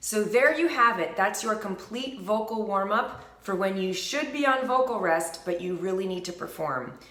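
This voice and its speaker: A woman vocal coach calmly explaining singing exercises during a lesson, speaking in measured steps between demonstrations. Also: fairly low pitch, roomy sound.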